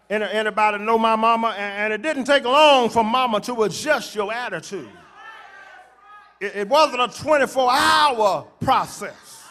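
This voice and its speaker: A man preaches a church sermon. His voice sits very high and rings bright and forceful. He builds on repeated phrases and lets them swell into shouts. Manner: rhythmic preaching with repetitions and shouted climaxes. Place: church sanctuary.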